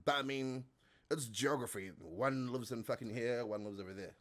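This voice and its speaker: A man's voice: medium pitch, normal speed, fairly bright tone. A man hosting a casual fight-sports podcast, teasing and swearing freely. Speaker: podcast host.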